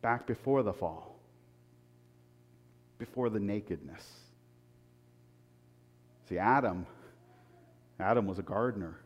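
A man preaching a sermon in a lively, conversational way. He swings between loud, emphatic peaks and hushed, low asides, and often repeats words. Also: slow pace, pauses often. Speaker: pastor. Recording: long hall reverb.

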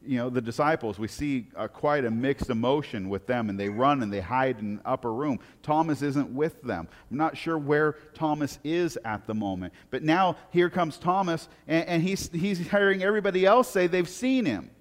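A man with a slightly higher voice preaches a story-driven sermon, repeating words as he restarts his sentences. His voice carries a long reverb, as if it were filling a large church sanctuary. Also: moderate pace, hardly any pauses. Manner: animated retelling with frequent restarts and stammered repeats.

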